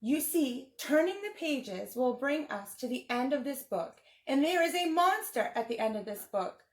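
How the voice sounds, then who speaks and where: A woman voicing a jittery, pleading furry monster from a storybook, talking in a fretful rush. The voice sits a little high, and it echoes around the room. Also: normal speed. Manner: frantic, pleading, excitable.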